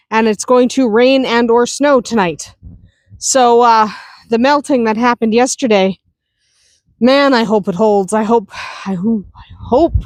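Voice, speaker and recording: Woman vlogging from her farm outdoors, slow chatty talk, laughs a lot, kinda high voice. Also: darkish tone, no echo. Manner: chatty, laughs often, talks to her animals. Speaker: homestead vlogger. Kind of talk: casual farm vlog.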